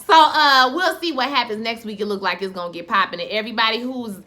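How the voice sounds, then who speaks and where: A woman giving a casual, animated episode recap, slangy and acting out scenes in quoted voices. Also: fairly high pitch, fast talker. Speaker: TV show reviewer.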